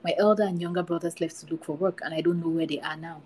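A woman's voice: on the low side, fairly even intonation, fast talker, a little mellow, a little hiss or hum, close to an everyday voice. Woman reading as a clever orphan boy. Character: clever youngest brother, a young orphan boy.

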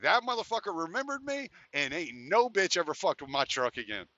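Animated, foul-mouthed man telling stories. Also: high-pitched, brisk, dry recording, muffled recording. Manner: profane, animated. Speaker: podcast guest. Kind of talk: casual storytelling.

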